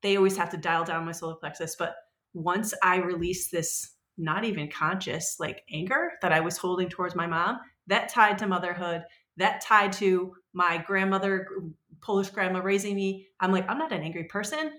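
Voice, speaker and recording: A woman in her forties, a podcast guest telling stories in a rambling, animated way and acting out the voices she quotes. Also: fairly low pitch, normal speed, reverberant. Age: 40s. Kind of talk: casual conversational storytelling.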